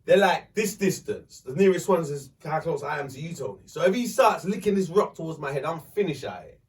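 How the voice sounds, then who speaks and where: A man tells a story on a podcast. His voice sits fairly high for a man and he swears freely. The mic is set back from him. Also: sing-song, fairly quick, a little mellow, far from the mic. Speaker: podcast host. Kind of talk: casual storytelling.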